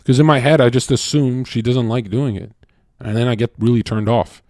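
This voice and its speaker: A man's voice: mid-range voice, fairly even intonation, brisk, darkish tone, no room sound, clean studio sound. A man livestreaming, telling a crude, profane confessional story with stammered restarts. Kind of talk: casual unscripted stream monologue.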